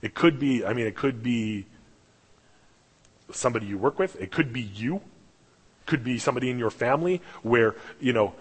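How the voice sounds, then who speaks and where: A man's voice: mid-range voice, breathy edge. A man preaching a casual sermon, rambling through stories with restarts and fillers and acting out the dialogue. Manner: acts out quoted dialogue in his stories. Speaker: lay preacher. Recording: echoey hall, long reverb.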